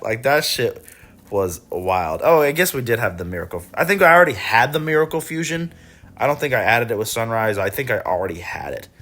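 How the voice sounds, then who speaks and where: A man casually recapping his card game tournament rounds, laid-back and swearing, coughing and clearing his throat now and then. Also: on the low side, fairly bright tone. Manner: laid-back, profane, chuckling, mock voices of opponents.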